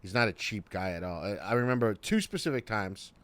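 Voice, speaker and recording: Laid-back man with a low voice. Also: lively intonation, fairly quick, fairly bright tone, clean tone, no room sound. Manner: laid-back, self-mocking anecdotes. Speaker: podcast co-host. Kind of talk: casual comedic storytelling.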